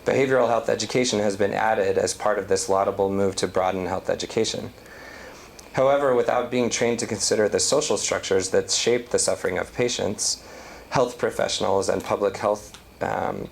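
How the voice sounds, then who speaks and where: A man giving an academic lecture, reading a prepared talk at a measured pace. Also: on the low side, steady tone, creaky, a little hiss or hum. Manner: reads prepared text, measured.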